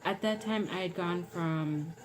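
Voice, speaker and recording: A woman's voice: fairly low pitch, a little slow, low-quality recording. A young woman telling a personal story in a rambling, casual way, full of "like" and "you know". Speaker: vlogger.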